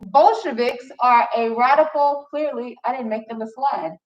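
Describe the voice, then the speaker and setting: A woman's voice: a little high, moderate pace, dull audio. Chatty young woman teaching in class. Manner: chatty, joking with students. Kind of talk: classroom lecture. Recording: echoey classroom, distant mic.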